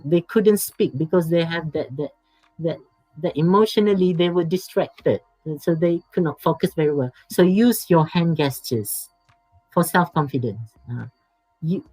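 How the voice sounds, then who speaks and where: A man with a Malaysian English accent, teaching an exam preparation lecture, emphatic and repetitive, trailing off into soft asides. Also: on the high side, dry recording, poor audio. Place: online workshop.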